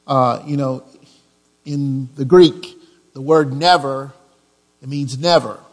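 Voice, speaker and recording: A man's voice: mid-range voice, steady tone. Man preaching in a reverberant church. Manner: repeats key phrases, slow deliberate emphasis. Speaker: pastor. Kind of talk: sermon.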